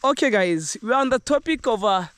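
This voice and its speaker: High-voiced Kenyan man vlogging outdoors. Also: animated, normal speed, fairly bright tone, slight background noise. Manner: rambling, upbeat, sprinkles in Jamaican slang. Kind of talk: walking vlog, casual talk to camera. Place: outdoors in the countryside.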